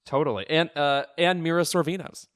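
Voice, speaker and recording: A man's voice: a little high, fairly even intonation, fairly quick, a bit bright. A man co-hosting a podcast, chatting about pop culture in a wry, sardonic, self-deprecating way. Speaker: podcast co-host. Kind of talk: casual pop-culture chat.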